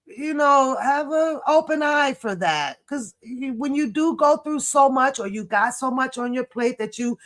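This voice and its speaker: A woman hosting a commentary channel, reading text messages aloud and reacting in an emphatic, sassy way with loud outbursts. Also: sits high, lively intonation, a little slow.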